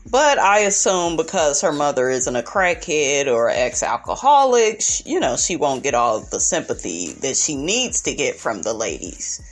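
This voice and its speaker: A woman's voice: sits low, very animated, a little slow, faint music behind. Sassy woman commenting to her viewers. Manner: sassy, slangy, talks straight to viewers. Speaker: commentator reacting to reality TV clips. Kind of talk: casual commentary.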